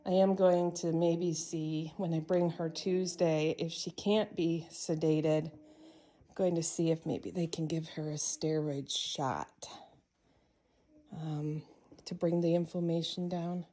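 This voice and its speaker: Give me a low-voiced woman vlogging among her cats, gentle and halting. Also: little pitch movement. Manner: soft-spoken, cooing to her cats; hesitant, with many fillers. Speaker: cat caretaker. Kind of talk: casual vlog.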